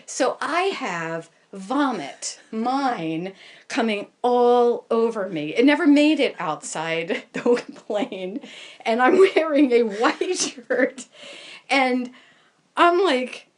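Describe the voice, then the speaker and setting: Lively, unhurried woman storyteller. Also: fairly high pitch. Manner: animated, self-deprecating, laughing through the telling. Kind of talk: first-person live storytelling.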